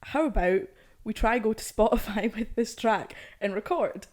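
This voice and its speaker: A woman's voice: on the high side, moderate pace, a little mellow. A young woman, an artist's manager, telling stories as a podcast guest in a chatty, enthusiastic way, full of "like". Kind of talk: casual podcast chat.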